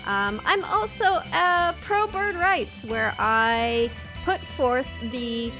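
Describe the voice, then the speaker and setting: A woman's voice: high-pitched, slow, bright, forceful tone, soft background music. A woman hosting a podcast, wrapping up in a chatty, self-mocking way with a giggle. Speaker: podcast host. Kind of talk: casual podcast outro.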